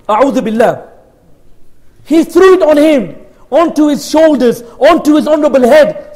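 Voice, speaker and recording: A man in his thirties giving a religious lecture, telling a story emphatically, at times raising his voice and at times dropping it low. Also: poor audio. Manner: emphatic storytelling, loud outbursts and hushed asides.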